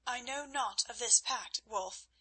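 A young noblewoman speaking in measured, grave words, stern yet gentle, read by a woman. Her voice is bright with a husky edge, a little higher than middle. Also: heavily acted, rough recording. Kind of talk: audiobook character reading.

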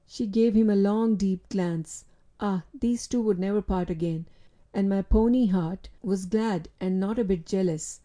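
A woman narrating a storybook in a steady, clear reading voice. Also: medium pitch, a little slow. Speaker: audiobook reader.

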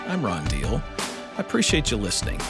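A man's voice: fairly low pitch, huge pitch swings, fairly quick. A man hosting a podcast, reading announcements and sponsor thanks in a friendly promotional way. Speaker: podcast host. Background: music.

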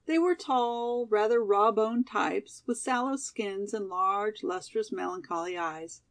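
Gravelly-voiced woman reading a novel. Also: medium pitch, unhurried. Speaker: audiobook reader. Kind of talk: scripted narration of a classic novel.

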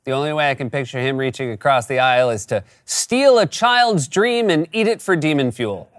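A man's voice: mid-range voice, lively intonation, moderate pace, fairly bright tone, dry recording. A man hosting a late-night comedy show, delivering a scripted sarcastic monologue.

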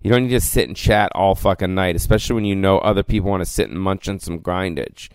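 A man's voice: low voice, fast talker, clear, resonant tone, no echo. A man hosting his own podcast, lying down while he rambles through a profane solo rant and keeps asking "you know what I mean?". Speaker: podcast host. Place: lying down indoors.

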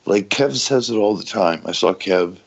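A man's voice: sits low, expressive, moderate pace, creaky, husky, muffled recording. A middle-aged man, a former pro wrestler, talking candidly in an interview, raw and profane, stopping and restarting often.

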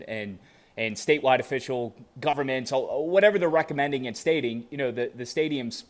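Man, from Chicago, podcast co-host, casual sports talk, upbeat and animated. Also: medium pitch. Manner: energetic, animated storytelling.

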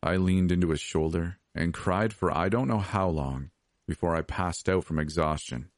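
Deep-voiced man narrating a horror story. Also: normal speed, dry recording, clean studio sound. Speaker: podcast narrator.

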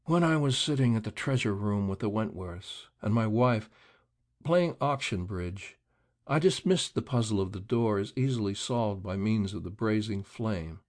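A man doing a low, harassed author. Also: animated, moderate pace, darkish tone, close to an everyday voice. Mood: despairing. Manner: low, hopeless tone. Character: harassed despairing male author.

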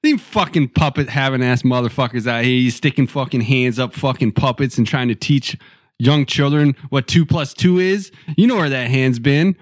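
A young man from Idaho co-hosting a podcast, riffing crude, absurd jokes in an animated, giggly way. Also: medium pitch, normal speed, no room sound. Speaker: podcast co-host. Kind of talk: profane comedic riffing on word prompts.

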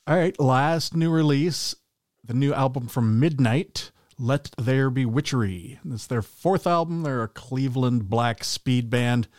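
A man's voice: mid-range voice, darkish tone, no room sound. Dry-sounding male host. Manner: brisk, introduces each record. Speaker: podcast host. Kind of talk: casual chat.

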